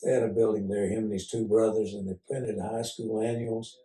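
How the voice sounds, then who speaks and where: An older man, low and mellow, recalling his past as an unhurried, folksy storyteller. He heads into his tales with frequent "uh" pauses. His voice sounds roomy and set back from the mic. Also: little pitch movement, far from the mic. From Oklahoma. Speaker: interview guest. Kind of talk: casual storytelling interview.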